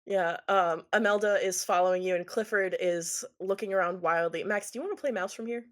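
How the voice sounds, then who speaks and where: A woman narrating as game master of a tabletop game, in a mid-pitched, everyday voice. Her narration is loose and casual, peppered with ums and swearing. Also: a little fast.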